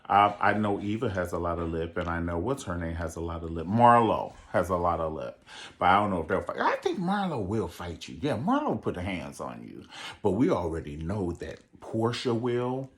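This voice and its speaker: Guy doing a sassy tv recap vlog, low voice that swoops way up, dramatic, acts out every quote. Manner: sassy and theatrical, big pitch jumps, acts out quotes. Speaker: reality TV recap vlogger. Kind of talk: animated solo commentary.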